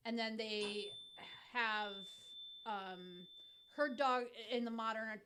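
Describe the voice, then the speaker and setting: A woman co-hosting a casual podcast chat, explaining things at length with many pauses and fillers. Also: a little high, a bit bright, a little hiss or hum. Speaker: podcast co-host.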